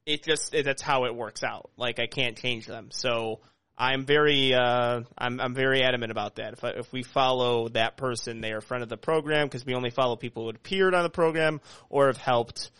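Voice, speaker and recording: A man's voice: mid-range voice, fairly quick, a bit bright, clean tone, no echo. A man with a nasal voice hosting a casual podcast chat, rambling and joking with many restarts. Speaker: podcast host.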